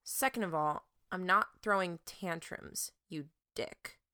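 A woman's voice: on the low side, slow pace, pushed and bright, clean tone, no echo, clean studio sound. A woman voicing a bratty, mischievous teenage boy who talks in a whiny, sarcastic way.

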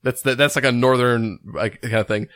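A man rambles through a casual podcast chat, stacking "like" fillers and restarting his sentences. His voice sits at a middle pitch and sounds dry and close, with no room around it. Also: normal speed, a bit bright, dry recording. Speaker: podcast co-host.

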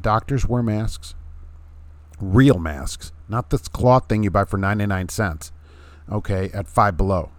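A man's voice: lowish voice, dry recording. A middle-aged man, giving a blunt, emphatic opinion rant on his video channel. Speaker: YouTube commentator.

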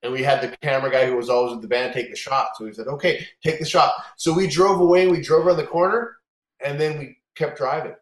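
A man tells a long road story in casual conversation, swearing a lot and restarting his sentences as he rambles. His voice sits at a medium pitch with fairly even intonation, and he talks quickly. The recording has a roomy echo.

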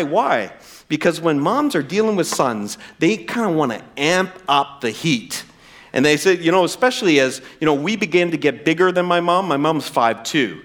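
A man's voice: on the high side, moderate pace. A male pastor preaching a sermon with humor, talking directly to the congregation. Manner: animated, humorous, direct address.

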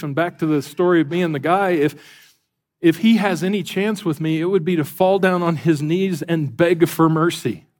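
A man's voice: fairly high pitch, a little mellow. A middle-aged man, a pastor, preaching a sermon, telling a story, acting out the people in it and building to emphatic questions.

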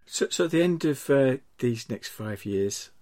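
A man on a podcast, asking the group a question in a halting way. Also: medium pitch, animated, darkish tone. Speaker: podcast co-host. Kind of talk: casual podcast discussion.

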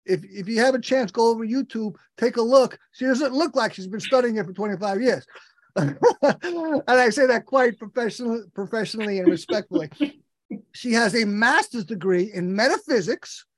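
A man's voice: extremely high pitch, expressive, moderate pace, no echo, clean studio sound. A man hosting an interview, enthusiastic and rambling, with many restarts as he introduces his guest. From United States. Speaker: podcast host.

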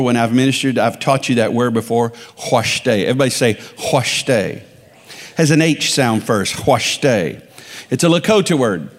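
A man from the Dakotas preaching as a guest speaker, emphatic and calling on the congregation to repeat phrases after him. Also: mid-range voice. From Dakotas, United States. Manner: emphatic, calls for congregation responses. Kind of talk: sermon. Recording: long reverb of a large hall.

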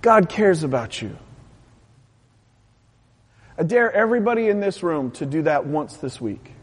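A pastor preaching a lively, impassioned sermon, then dropping into a soft, quiet prayer. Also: male voice, on the high side, unhurried, slightly rough. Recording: long hall reverb.

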